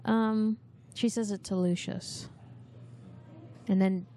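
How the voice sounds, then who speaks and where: A woman's voice: medium pitch, steady tone, takes it slowly, dark tone, a little hiss or hum. A woman hosting a podcast quiz, chatting casually and laughing easily from a couch in a busy venue. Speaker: podcast host running a movie quiz. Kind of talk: casual chat.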